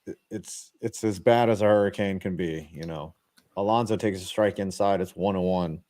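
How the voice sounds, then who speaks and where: A man hosting a casual podcast, swearing and joking while calling each pitch of a baseball game. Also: fairly even intonation, moderate pace, dark tone. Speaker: podcast host. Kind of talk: casual chat with live baseball play-by-play.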